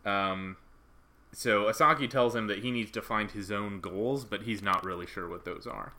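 A man co-hosting a casual review podcast, recapping plot points in a steady, explanatory way. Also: lowish voice, moderate pace. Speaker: podcast co-host. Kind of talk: casual anime review chat.

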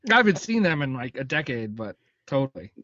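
A man's voice: medium pitch, very animated, fairly quick, a bit bright, no room sound, lo-fi sound. A man from the Poconos in Pennsylvania, an easygoing guest in a casual podcast chat.

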